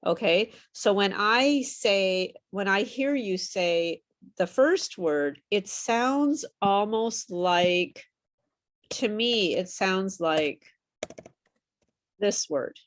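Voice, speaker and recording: A woman's voice: mid-range voice, lively intonation, drawn-out words. A woman tutoring a small online class in pronunciation, modelling words and repeating them patiently. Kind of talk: online group lesson.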